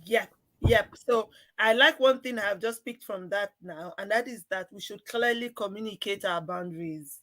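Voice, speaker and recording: A woman's voice: medium pitch, normal speed, fairly bright tone. A woman hosting a talk show, speaking emphatically and drawing on sayings. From Nigeria. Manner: emphatic, uses proverbs and laughs along. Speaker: host.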